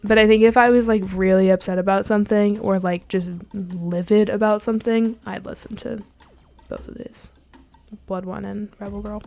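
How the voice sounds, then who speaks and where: A young woman hosting a casual music podcast, bubbly and easily excited, wrapping up the episode with her co-host. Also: mid-range voice, moderate pace, creaky. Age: young adult. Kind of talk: casual chat.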